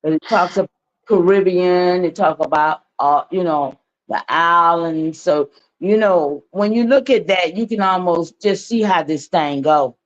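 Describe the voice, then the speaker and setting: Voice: medium pitch, a little slow, lo-fi sound. A panelist in a history discussion, explaining in a conversational way.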